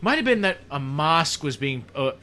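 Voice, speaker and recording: A man hosting a loose, casual talk show who is animated and swears freely, often breaking off and restarting. His voice is high and bright. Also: moderate pace. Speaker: podcast host. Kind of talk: casual chat.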